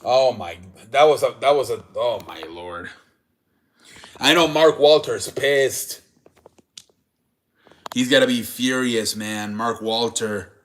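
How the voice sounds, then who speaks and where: A man's voice: mid-range voice, slow, long pauses. A man hosting a live sports stream, chatting casually with viewers in a rambling, profane way.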